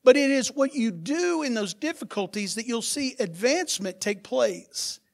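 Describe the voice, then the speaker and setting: A man preaching a sermon as pastor, asking his congregation rhetorical questions and swinging from soft asides to loud, emphatic bursts. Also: very high-pitched, animated, moderate pace, gravelly.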